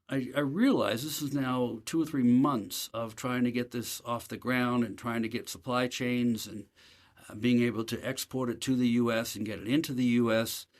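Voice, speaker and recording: A man at an ordinary middle pitch, speaking as a guest on an interview show. He spins a long personal story in a relaxed, anecdotal manner and is readily self-deprecating about his failures. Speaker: guest, professor.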